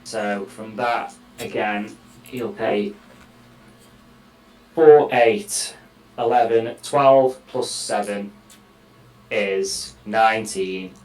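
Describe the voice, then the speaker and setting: A man playing a tabletop game, counting out dice rolls slowly and deliberately, swearing now and then. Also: on the low side, darkish tone, reverberant, poor audio. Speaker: player.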